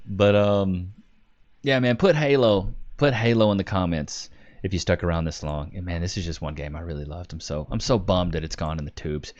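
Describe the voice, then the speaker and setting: A man in his twenties chatting casually on a live stream, telling wild stories and reading comments aloud with animated swearing and laughter. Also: low-pitched, moderate pace, lo-fi sound. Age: 20s.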